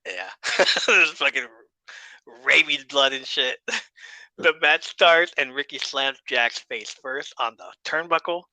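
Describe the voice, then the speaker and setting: Male podcast host, laid-back recap style, bright sharp tone, dry close sound. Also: mid-range voice, slow pace, no echo, rough recording. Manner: laid-back, swears casually, laughs often. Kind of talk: casual episode recap.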